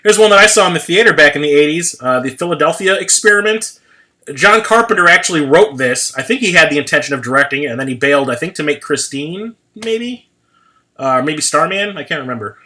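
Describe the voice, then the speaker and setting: Bright, chatty American man rambling. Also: on the high side, expressive, brisk. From United States. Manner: rambling, swears casually, laughs at himself. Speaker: livestream host. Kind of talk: casual livestream chat.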